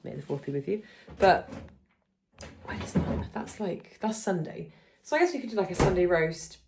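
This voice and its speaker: A woman's voice: lowish voice, expressive, moderate pace, vocal fry, background noise. A young woman with a sore throat, rambling casually in a chatty vlog. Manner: rambling, chatty, many fillers. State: sore throat from hay fever. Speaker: vlogger. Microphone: phone held by hand.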